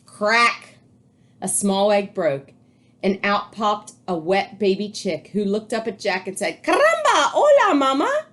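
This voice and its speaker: A woman's voice: medium pitch, steady tone, measured pace. A woman, a teacher, reading a picture book aloud to children and adding chatty asides.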